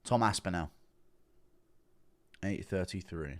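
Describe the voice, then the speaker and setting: A man's voice: low voice, takes it slowly. A man hosting a livestream, reacting to a podcast clip and reading chat messages in a blunt, rambling, swear-heavy way.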